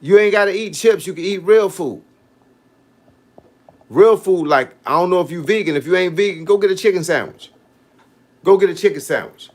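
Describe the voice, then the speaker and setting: Man in his fifties, boxing coach, livestream chat, fairly high voice, animated, slangy, preachy advice. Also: normal speed, long pauses. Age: 50s. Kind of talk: casual livestream chat reading comments.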